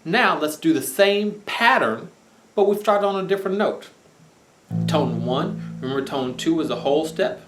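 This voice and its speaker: Patient male bass teacher, roomy sound. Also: expressive, normal speed, a bit bright. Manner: patient, counts out scale tones while playing. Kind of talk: instructional lesson. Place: room with bass guitar playing. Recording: roomy echo with bass guitar playing.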